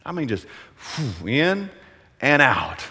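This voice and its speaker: Brief: middle-aged male pastor, animated and bright, preaching in a long-echo hall. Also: mid-range voice, slow, husky. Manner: chatty storytelling with humor. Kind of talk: sermon. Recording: echoey hall.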